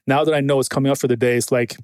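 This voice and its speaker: A man's voice: mid-range voice, very fast, dry recording. A man from Afghanistan, a former Green Beret, telling stories casually as a podcast guest, swearing freely and acting out what people said. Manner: animated, swears freely, acts out quoted dialogue. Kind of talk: casual conversational storytelling.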